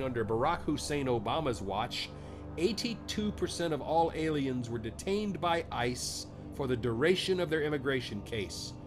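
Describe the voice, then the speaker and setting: A hoarse man with a nasal voice delivers political commentary on his podcast, emphatic and indignant. His pitch rises and falls widely as he presses each point. Music plays clearly underneath. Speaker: podcast host. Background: background music.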